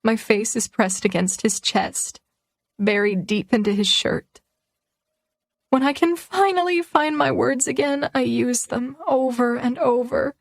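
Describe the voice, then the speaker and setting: A woman's voice: a little high, unhurried, creaky, no echo. A young woman reads a first-person romance audiobook, her delivery emotional and tearful. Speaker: audiobook narrator.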